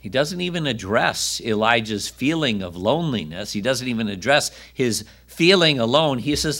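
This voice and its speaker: A man's voice: medium pitch, expressive, normal speed, hardly any pauses, bright, forceful tone. A man preaching a sermon, reading Bible passages and adding conversational asides to his listeners.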